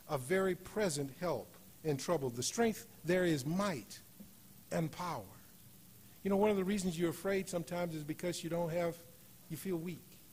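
A man preaching a sermon in a church, slowing on key phrases and rising to loud, emphatic peaks. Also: sits high, husky. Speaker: guest preacher. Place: church sanctuary.

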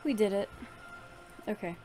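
A woman's voice: medium pitch, lively intonation, a little slow, dark tone, soft background music. A young woman hosting a gaming channel, giving casual commentary as she plays, frustrated, swearing at her horse and laughing between insults.

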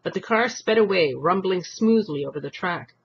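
Husky male reader narrating a storybook, somewhat muffled recording. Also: sits high, moderate pace. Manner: expressive reading, voicing thoughts and characters. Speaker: audiobook reader.

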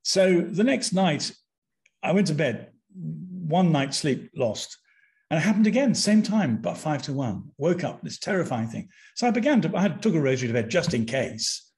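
Speaking at a normal speed in a slightly high voice, this older man from Britain is a podcast guest. He tells a story from his own life with lively intensity and keeps breaking off to start again.

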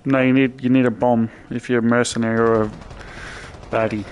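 A man's voice: medium pitch, level tone, a little fast, muffled recording, slight background noise. Joking man chatting while gaming. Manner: joking, swearing banter. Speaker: streamer playing a VR shooter. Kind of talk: casual gaming chat.

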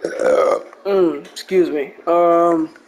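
A man's voice: a little high, steady tone, drawn-out words, a little mellow. A young man giving casual, rambling gameplay commentary with joking, blunt trash talk. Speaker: gaming video creator.

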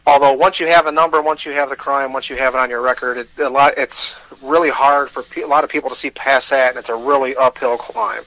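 A man's voice: medium pitch, fairly even intonation, fast talker, hardly any pauses, sharp tone, no echo, low-quality recording. A man with a Michigan accent, telling his personal story as a radio guest, candid and self-deprecating, with hesitant restarts.

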